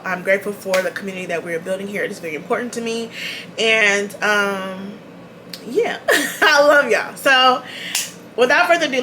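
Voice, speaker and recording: A woman's voice: mid-range voice, bright, forceful tone, slight background noise. A woman hosting her own channel, chatting casually to the camera, repeating her key points and laughing often. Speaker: beauty channel host.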